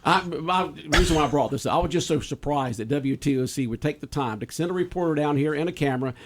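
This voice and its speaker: A man's voice: a little high, fast. A man co-hosting a radio talk show, mostly agreeing and giving noncommittal replies.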